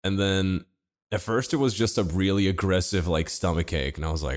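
A man with a very low voice tells a long personal story in a relaxed podcast chat. He keeps it laid-back, swears freely and acts out what other people said. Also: brisk. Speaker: podcast co-host telling a story.

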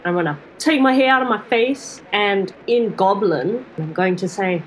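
A woman playing in a tabletop game, talking in an animated, expressive way. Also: medium pitch, normal speed, hardly any pauses, slight background noise, rough recording. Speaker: player. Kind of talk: casual tabletop role-play.

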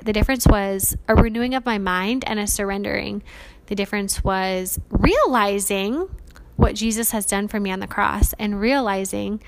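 A woman's voice: mid-range voice, creaky, a little hiss or hum. A woman hosting a podcast, telling a personal faith testimony in an earnest, chatty way full of casual fillers. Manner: earnest, chatty, many fillers like "like" and "you guys". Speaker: podcast host.

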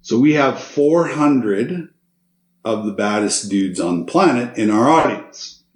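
A man, a guest in an interview, telling a long story in an animated way and checking in with his listener as he goes. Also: mid-range voice, slow. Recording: roomy echo.

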